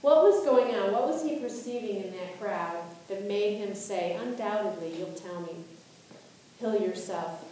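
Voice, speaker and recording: A woman's voice: mid-range voice, a little slow, dark tone, slight background noise. A woman pastor giving a sermon, asking reflective questions and reading scripture aloud. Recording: echoey room, voice from a distance.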